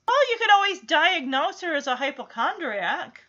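A woman's voice: sits high, big pitch swings, normal speed, bright, forceful tone. A woman giving casual, sarcastic running commentary while watching a film, laughing often. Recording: slightly dull lo-fi audio.

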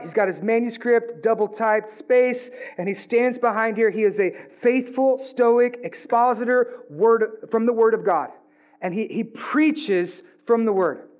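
A male pastor delivers a lively, joking sermon full of asides to the congregation. His voice sits very high for a man. The recording sounds dull and a little muffled. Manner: animated, jokey preaching with asides to the congregation.

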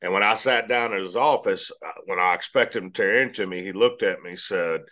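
Deep bright-toned man. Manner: measured, earnest storytelling. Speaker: guest. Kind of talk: storytelling interview answer.

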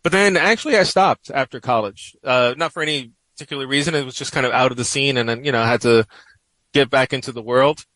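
Speaking fast in a medium-pitched, slightly bright voice, a middle-aged New Yorker recounts a personal story as an interview guest. He is a professor and writer, reflective in tone, and says "you know" a lot. The audio is dry and poor.

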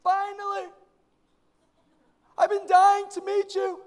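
A man voicing an eager, persistent young woman from a church congregation, gushing with excitement. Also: extremely high pitch, takes it slowly, voice pushed up.

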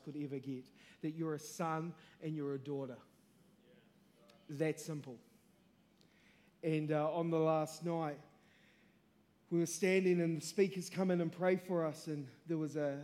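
A man preaching a sermon and telling a testimony, moving from quiet storytelling to loud, shouted preaching. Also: fairly high pitch. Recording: long hall reverb.

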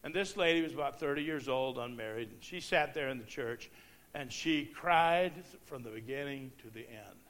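Fiery, bright-voiced male preacher. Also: medium pitch. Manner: swings from loud, raised proclamation to hushed storytelling; reads scripture slowly and emphatically. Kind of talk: impassioned sermon.

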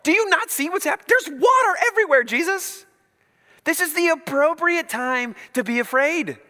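A terrified disciple , voiced by a man, cries out in panic with a shrill, pleading voice. His pitch leaps very high and swings wildly. The sound rings with the long reverb of a large hall. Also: lively intonation, normal speed, sharp tone, heavily acted. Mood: panicked. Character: panicking male disciple in a storm, frantic.

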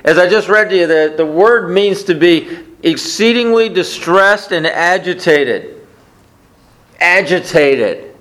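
A man's voice: sits high, moderate pace, fairly bright tone. A man preaching a conversational sermon, often asking the congregation questions. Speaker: pastor.

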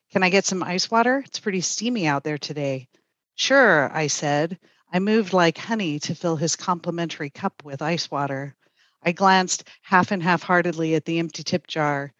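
A woman poet on a radio show, chatting with many fillers and then reading a poem in a smooth, deadpan way. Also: on the low side, dry recording, highs cut off. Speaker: poet, festival guest. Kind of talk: casual radio chat and poetry reading.

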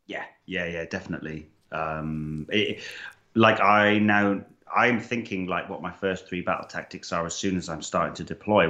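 Low-voiced joking male co-host. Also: normal speed. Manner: joking, laughs often, relaxed. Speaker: podcast co-host. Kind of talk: casual chat.

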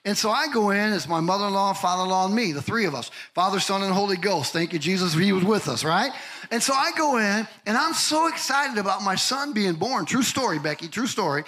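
High, bright-voiced animated male pastor. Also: fairly quick, poor audio. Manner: animated storytelling, asks the congregation questions. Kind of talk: sermon.

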